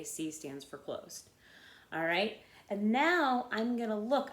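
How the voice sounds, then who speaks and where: A woman teaches young children to read, speaking slowly and patiently in a slightly low voice. She keeps checking in with little "okay?"s and "right?"s. The sound carries the echo of a bare room. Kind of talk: phonics lesson for children.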